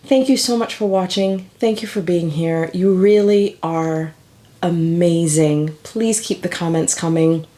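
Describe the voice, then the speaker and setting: A woman's voice: lowish voice, a little slow, mellow. Chatty middle-aged woman knitting vlogger. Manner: chatty, sentimental, laughs easily. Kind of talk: casual chat to camera.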